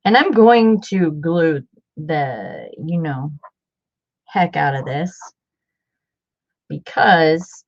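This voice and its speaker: With a low-sitting voice and the top end of the audio missing, a woman rambles warmly through her casual craft livestream, saying things again and again while she works.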